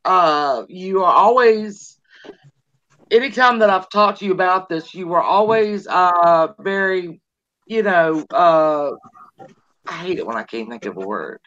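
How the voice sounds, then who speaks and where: Brief: woman hosting a panel, halting and unhurried, mid pitch, dull lo-fi call sound. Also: animated, a bit bright. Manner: halting, searches for words. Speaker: host. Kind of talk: casual chat.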